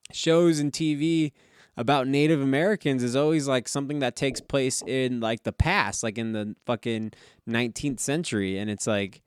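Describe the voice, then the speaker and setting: A man's voice: medium pitch, steady tone, normal speed, smooth, no room sound, clean studio sound. A man co-hosting a casual podcast, laid-back and swearing freely as he retells TV scenes. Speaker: podcast co-host. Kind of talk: casual chat.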